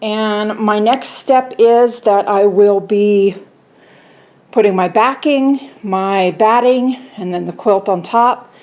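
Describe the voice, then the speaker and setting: A woman hosts a relaxed home sewing vlog for her quilting channel, chatting cheerfully and unhurriedly with plenty of "um"s while joking about her own mistakes. Her voice is medium-pitched and a little mellow.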